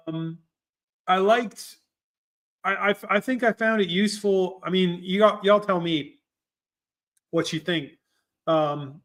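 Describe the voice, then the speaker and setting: Young male streamer host, slightly high voice, relaxed rambling chat with fillers. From Maryland. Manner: laid-back, greets viewers by name, filler-heavy. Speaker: livestream host. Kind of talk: casual livestream chat.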